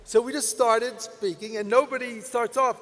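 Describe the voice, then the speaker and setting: A man's voice: very high-pitched, steady tone, moderate pace. An older man, a rabbi, giving a Torah lecture at a convention in a folksy storytelling way. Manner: folksy storytelling with soft laughs. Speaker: rabbi speaker. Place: convention hall. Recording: long hall reverb.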